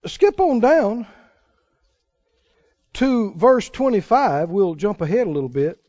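Slow, high-pitched male preacher, dramatic booming-to-hushed delivery, dull dry recording. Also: animated, no room sound. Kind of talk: sermon.

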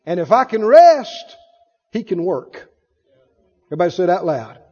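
High-voiced, emphatic male preacher. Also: sing-song, moderate pace, mellow, slightly rough, long reverb tail, highs cut off. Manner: emphatic, call-and-response, acts out voices. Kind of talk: sermon.

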